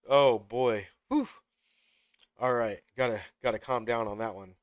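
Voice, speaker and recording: A man's voice: medium pitch, measured pace, dry recording. A man hosting a gaming channel, talking the viewer through each step as he plays in casual commentary.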